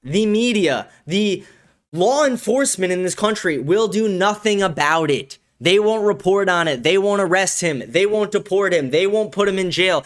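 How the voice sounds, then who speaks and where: A man's voice: high-pitched, animated, normal speed. Angry ranting male stream host. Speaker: show host. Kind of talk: live-stream political commentary.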